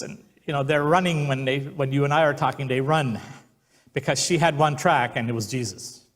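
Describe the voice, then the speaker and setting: A man's voice: mid-range voice, fairly quick. A man preaching a sermon as pastor, telling stories and acting out the quotes. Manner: storytelling, acts out quotes.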